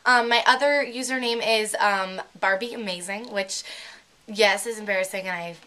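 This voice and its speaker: A woman's voice: mid-range voice, moderate pace, pushed and bright. A girl in her late teens chatting casually to her laptop camera as a beauty vlogger, giggly and full of likes and ums. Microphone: laptop webcam.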